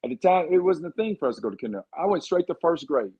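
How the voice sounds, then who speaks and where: A man talks in a fired-up, rambling campaign style, his voice a little husky and pitched somewhat high for a man. The audio is dull and lo-fi. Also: very animated, rapid-fire, dark tone. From Texas. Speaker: candidate for governor, guest. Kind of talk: podcast interview.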